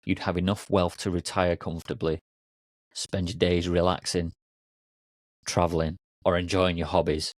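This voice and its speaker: A man's voice: flat delivery, normal speed, dry recording, studio quality, lightly acted. A man voicing a pushy city businessman who talks eagerly and persuasively. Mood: coaxing. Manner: eager and persuasive, rising in pitch. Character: pushy male city businessman, fast-paced.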